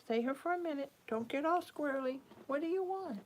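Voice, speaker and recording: A woman's voice: sits high, lively intonation, a little fast, a little mellow, a little hiss or hum. A woman hosting live psychic readings who chats casually and coos baby talk to her cat, sometimes dropping to a whisper. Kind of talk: casual live-stream chat.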